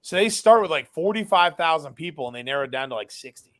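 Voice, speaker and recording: A man's voice: on the high side, animated, fast talker, a bit bright. A man, a business founder and guest, telling a story casually and animatedly, acting out dialogue with lots of fillers.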